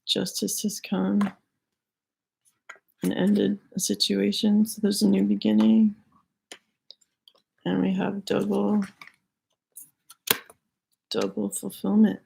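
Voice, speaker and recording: A woman giving a casual spiritual reading to viewers, hoarse as she loses her voice, rambling loosely with lots of fillers. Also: mid-range voice, flat delivery, slow, pauses often, dark tone, a little hiss or hum, poor audio. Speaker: spiritual reader.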